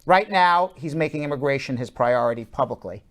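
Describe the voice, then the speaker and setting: A man hosting a talk show, giving casual political commentary in animated, fast bursts with lots of fillers. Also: medium pitch.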